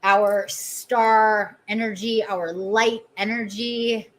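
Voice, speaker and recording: A woman's voice: mid-range voice, fairly even intonation, slow, poor audio. A woman hosting a podcast, giving a channeled oracle reading and guided meditation. She lingers on repeated phrases in an incantatory way, with open emotion and self-mocking asides. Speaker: podcast host and oracle reader.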